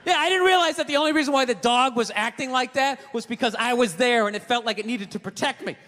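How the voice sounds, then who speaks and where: A man doing a stand-up comedy routine, ranting loudly, swearing and acting out voices in his stories. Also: extremely high pitch, quick pace, in a large hall.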